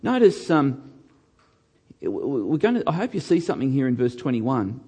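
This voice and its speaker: A middle-aged man preaching a sermon, earnest, slowing down and dropping his voice on key words. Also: sing-song, warm tone, breathy edge. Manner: earnest, slows down and drops low on key words. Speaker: pastor.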